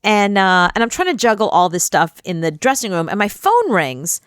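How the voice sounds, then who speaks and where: A young adult woman co-hosting a radio show, telling a rambling, animated anecdote in casual chat. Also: medium pitch, normal speed, smooth, dry recording, studio quality. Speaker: radio co-host.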